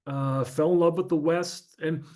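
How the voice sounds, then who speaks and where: A man in his fifties, originally from northern New Jersey, recounts his path from basketball to broadcasting in a relaxed, chatty way. His voice sits slightly above the usual pitch for men, and he fills his stories with asides and fillers. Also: unhurried. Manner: chatty, anecdotal, frequent fillers. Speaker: podcast guest, former sportscaster. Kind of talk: casual storytelling interview.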